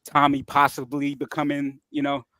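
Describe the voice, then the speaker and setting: A man's voice: on the high side, monotone, normal speed, bright, forceful tone, no echo. A man on a panel in casual banter, easygoing and a little hesitant as he gives his view.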